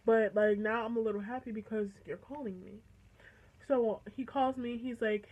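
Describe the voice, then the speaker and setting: Teen girl, casual storytime vlogger, slightly high voice, chatty and animated, swears a lot. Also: normal speed, lo-fi sound. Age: teens. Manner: chatty, animated retelling with quoted dialogue and swearing.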